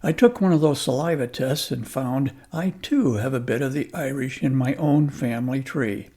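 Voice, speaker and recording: A man's voice: medium pitch, normal speed, a little mellow. A man delivering a scripted radio commentary in a wry, lightly joking manner.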